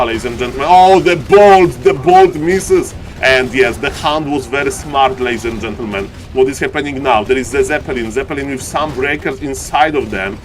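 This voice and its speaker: A man casting a live strategy-game match as an esports streamer, hyped and playful, with showman patter and rambling asides. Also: fairly high pitch. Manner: hyped, showman patter, keeps saying "ladies and gentlemen".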